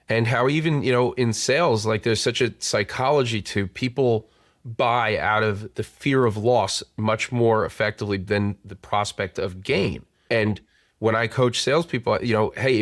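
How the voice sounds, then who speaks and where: A man's voice: lowish voice, no room sound, studio quality. A man hosting a sales podcast, talking in a loose, rambling way with many restarts and fillers. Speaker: podcast host and sales coach. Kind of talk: casual conversational interview.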